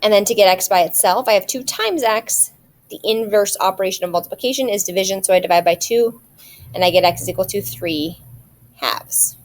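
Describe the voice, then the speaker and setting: Woman calmly teaching math step by step. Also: medium pitch, fairly quick. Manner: patient, step-by-step explaining. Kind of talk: recorded video lesson.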